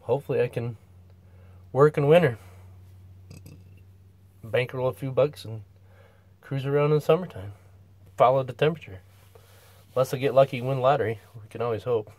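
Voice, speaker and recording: A middle-aged man speaks a little out of breath, with a folksy, plainspoken manner, touring a cramped camper van. His voice sits at an ordinary pitch and sounds close and dry in the small space. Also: moderate pace, pauses often, a little mellow, dry recording. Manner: folksy, plainspoken, chuckles often. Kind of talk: casual van tour vlog.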